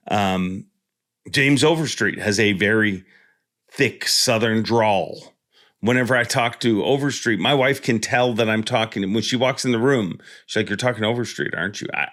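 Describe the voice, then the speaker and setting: A man's voice: fairly low pitch, a bit bright. A man hosting a fishing podcast in a casual, joking, rambling monologue, born in Ireland. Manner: jokey, rambling, self-deprecating. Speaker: podcast host.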